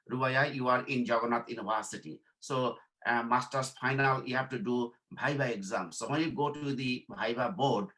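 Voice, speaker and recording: A man's voice: medium pitch, poor audio. A man from Bangladesh giving an informal workshop lesson, repeating his points and checking in with "okay?". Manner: repeats phrases, asks "okay?" to check understanding; acts out quoted dialogue in softer voice. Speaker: workshop instructor. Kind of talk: informal teaching talk.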